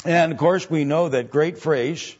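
A man preaching a sermon, explaining step by step in a halting way full of filler sounds. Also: on the high side, darkish tone, husky, dull audio.

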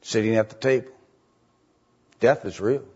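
An older man preaching a sermon, building to high, emphatic passages on scripture. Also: fairly even intonation, moderate pace, a little mellow, breathy edge, dull audio.

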